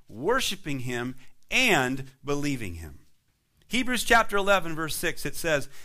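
A male pastor delivers a sermon with a high, bright voice. His pitch swings widely as he builds emphatic repeated phrases. He preaches in a church sanctuary.

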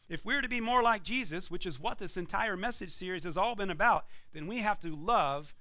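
High, lively preaching man. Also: fairly quick. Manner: emphatic preaching with rising and falling intensity. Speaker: pastor. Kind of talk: sermon.

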